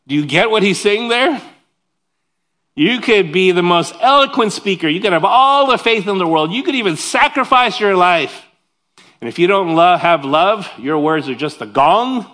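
Male pastor, higher register, animated conversational preacher who talks straight to the congregation. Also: moderate pace. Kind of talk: sermon.

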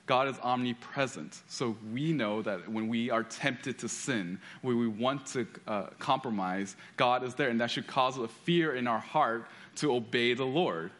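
A man's voice: medium pitch, measured pace, few pauses, a bit bright. A man giving a sermon, telling stories with frequent restarts and reading scripture aloud. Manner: storytelling with repeated restarts. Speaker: pastor.

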